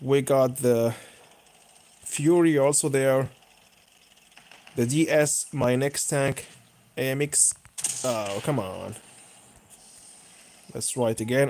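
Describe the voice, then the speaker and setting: A man's voice: mid-range voice, a little hiss or hum. A young man commenting live on his own tank gameplay, cheering and groaning as the match goes. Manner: excitable, bursts of cheering and groaning. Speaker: gaming YouTuber.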